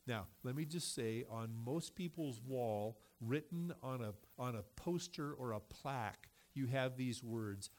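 A man's voice: medium pitch, unhurried, a little mellow. A middle-aged man, a pastor, preaching a sermon in a loose, conversational way and reading Scripture aloud.

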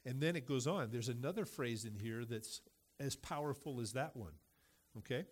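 A man's voice: mid-range voice, fairly quick, husky. Man preaching a conversational sermon. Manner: conversational preaching, loose and chatty. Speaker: pastor.

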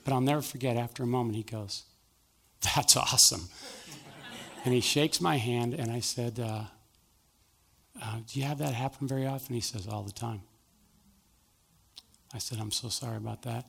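Middle-aged pastor guy, gravelly husky voice, acts out the dialogue while he preaches. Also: mid-range voice, fairly quick. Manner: animated storyteller acting out both sides of a dialogue. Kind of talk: sermon with storytelling.

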